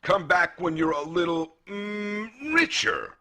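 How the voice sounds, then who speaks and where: A man voicing a slow-talking male merchant selling lamp oil and bombs in a 1990s game cutscene, with a husky, drawn-out delivery. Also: high-pitched, sharp tone, exaggerated voice. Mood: salesy.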